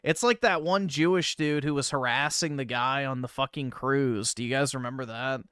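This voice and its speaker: Male streamer, bright and clean tone, dry close sound, blunt and sweary commentary. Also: medium pitch, moderate pace, smooth, no echo. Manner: blunt, swears constantly, scoffing. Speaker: streamer reacting to another stream. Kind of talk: casual profane livestream commentary.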